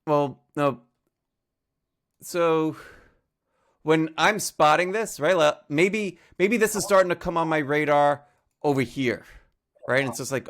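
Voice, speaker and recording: A man's voice: on the high side, a little slow, long pauses, a bit bright. A male trading educator explaining chart setups on a casual livestream, talking through examples with homely analogies and frequent fillers.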